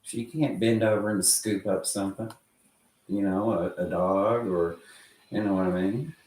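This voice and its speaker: West texas guy chatting loose and cussing, kinda low voice, echoey room. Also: fairly even intonation, moderate pace, darkish tone. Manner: profane, chuckling storyteller. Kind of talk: casual rambling chat. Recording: roomy echo.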